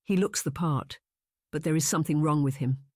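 A narrator voicing a composed, sharp-tongued young lady who speaks flat and measured. Read close and dry as an audiobook character. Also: mid-range voice, no room sound, close to an everyday voice.

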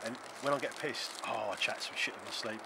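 A man's voice: mid-range voice, a little fast, gravelly, background noise. A man chatting casually at a forest camp, swearing and laughing as he tells stories. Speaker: channel host.

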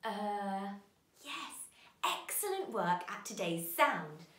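A woman teaching a children's phonics lesson, animated and encouraging, stretching out sounds slowly. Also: medium pitch, reverberant.

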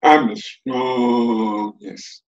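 A man's voice: mid-range voice, extremely slow, a little mellow, lo-fi sound, pitched below the performer's own voice. A man voicing a big, strong, boastful male bear with a folksy drawl.

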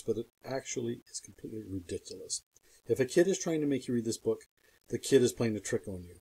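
An older grandfather reading a silly children's book aloud, playful and mock-exasperated, breaking into loud silly voices. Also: fairly low pitch, husky. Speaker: reader.

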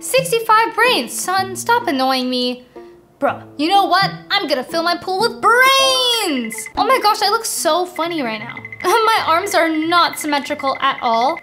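A young woman playing a video game, excitedly commenting and reading the game's lines aloud to her viewers. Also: very high-pitched. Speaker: gaming video host. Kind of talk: playful gameplay commentary. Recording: game music playing behind voice. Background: game music.

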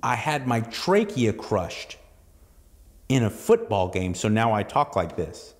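A man imitating a kind young man with a crushed windpipe, speaking slowly and plainly. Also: lowish voice, big pitch swings, long reverb tail. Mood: matter-of-fact.

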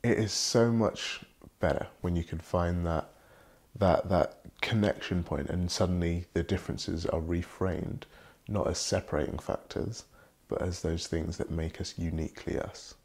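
A young British man with a very deep voice and a gravelly edge. He speaks in a measured, thoughtful and polished way, and there is a husky grain running under it. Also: steady tone, darkish tone. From Britain. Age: young adult. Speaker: guest. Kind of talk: reflective conversation.

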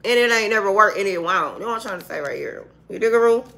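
A woman with a bright, forceful voice gives a fired-up tarot reading straight to her viewers. She talks in blunt, profane street slang. A faint hiss sits under her voice. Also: mid-range voice, expressive, rapid-fire. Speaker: tarot reader.

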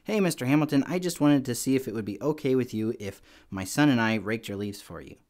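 A man doing a calm, kind dad. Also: medium pitch, quick pace, lightly acted. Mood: gentle. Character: calm, kind father, patient and big.

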